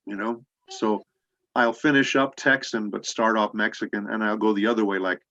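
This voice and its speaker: Middle-aged male voice actor, low voice, rambling storyteller, dull lo-fi audio. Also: fairly bright tone, no room sound. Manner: rambling anecdotes with many pauses. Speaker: voice actor guest. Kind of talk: casual interview storytelling.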